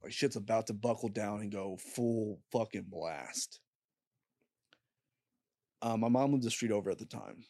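Brief: young man, lowish voice, dry close sound, rambling casual storytelling, swears a lot. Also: dark tone, dry recording. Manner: halting, with frequent fillers and swearing. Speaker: podcast guest.

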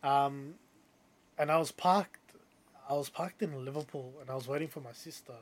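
A young man telling a story in casual chat, animated and getting loud when he quotes other people. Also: mid-range voice, moderate pace.

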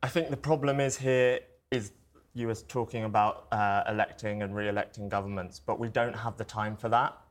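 A man's voice: lowish voice, fairly even intonation, normal speed. A young man, a protester guest, arguing his case earnestly in a heated debate. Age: young adult. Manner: earnest, insistent.

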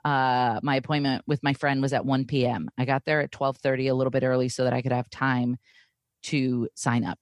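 Animated woman in her thirties telling a story. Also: a bass voice, fairly quick, no echo. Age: 30s. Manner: animated, acts out quoted voices while retelling. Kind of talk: casual storytelling chat.

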